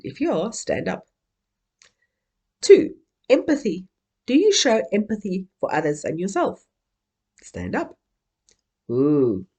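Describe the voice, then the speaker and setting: A woman's voice: on the low side, warm tone, breathy edge. A woman from Africa, giving an interactive keynote and playfully coaxing the audience to join in. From South Africa. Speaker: keynote speaker.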